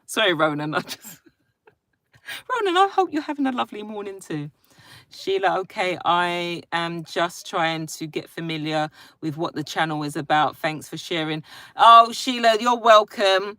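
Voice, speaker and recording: A woman's voice: lowish voice, expressive, moderate pace, bright, forceful tone, no room sound. A woman with children hosting a casual live stream, greeting viewers by name and chatting in a free-flowing way. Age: adult, a parent. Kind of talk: casual chat reading viewer comments. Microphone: phone live stream.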